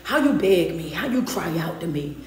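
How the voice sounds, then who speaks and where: A woman's voice: lowish voice, expressive, normal speed, a little mellow, reverberant, slight background noise, pitched below the performer's own voice, lightly acted. A woman speaking as God, scolding doubting believers with stern rhetorical questions. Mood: reproachful.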